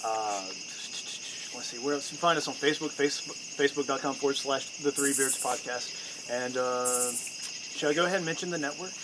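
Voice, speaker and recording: A man's voice: mid-range voice, a little fast. A man in his twenties, a guest podcaster, talking in a friendly, slightly hesitant way with lots of fillers. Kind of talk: casual chat. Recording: steady background noise.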